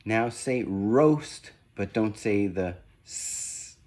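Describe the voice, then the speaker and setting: A man slowly giving spoken sound-swap drills, one deliberate prompt at a time. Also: lowish voice, expressive, a little mellow. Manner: slow, deliberate, evenly paced prompts. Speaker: reading test examiner. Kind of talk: slow scripted phoneme drill.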